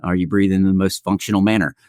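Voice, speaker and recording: A man being interviewed as a breathwork coach, explaining in a calm and measured way. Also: sits low, no echo, studio quality. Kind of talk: interview answers.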